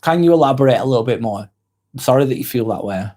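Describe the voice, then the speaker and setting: This is a British live streamer who reads comments from viewers and answers them softly and sympathetically, laughing lightly now and then. He talks fast, with a mid-range voice and animated intonation.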